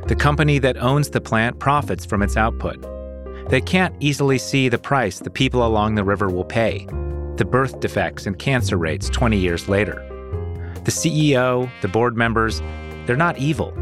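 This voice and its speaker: A man co-hosting a podcast, reading scripted narration in a measured, earnest way. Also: medium pitch, over music. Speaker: podcast co-host.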